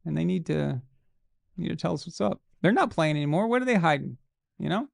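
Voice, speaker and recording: A man's voice: a little high, fairly quick, gravelly, no room sound, studio quality. A man hosting a live show, giving blunt, opinionated sports commentary and swearing casually.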